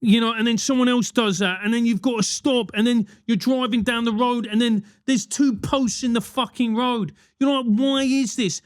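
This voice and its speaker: A man's voice: extremely high pitch, fairly even intonation, moderate pace, few pauses, no echo, clean studio sound. A man in his forties hosting a solo podcast, ranting animatedly with swearing and mock voices. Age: 40s. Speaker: podcast host.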